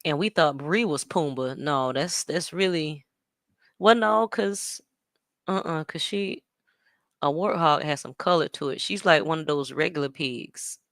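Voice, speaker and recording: A woman's voice: low voice, unhurried, fairly bright tone, dry recording, clean studio sound. A woman hosting a casual livestream, chatting and greeting viewers by name with teasing humor. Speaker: livestream host. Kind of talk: casual chat.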